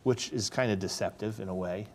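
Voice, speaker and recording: Man, farmer, interview guest, halting, deepish voice. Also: darkish tone, a little hiss or hum. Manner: earnest, halting, many restarts. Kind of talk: casual interview talk.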